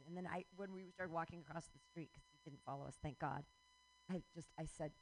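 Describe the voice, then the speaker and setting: A woman's voice: lowish voice, a little fast, a little hiss or hum, low-quality recording. A woman in her forties hosting a radio show, ranting casually with swearing and frequent laughs. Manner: animated, swearing, laughs often.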